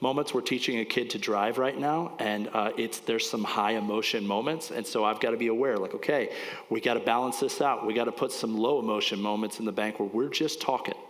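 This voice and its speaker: Conversational pastor in a reverberant hall. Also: male voice, fairly low pitch, fairly quick. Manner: casual, rambling, gets emotional. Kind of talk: sermon, conversational teaching. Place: church. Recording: church hall with long reverb.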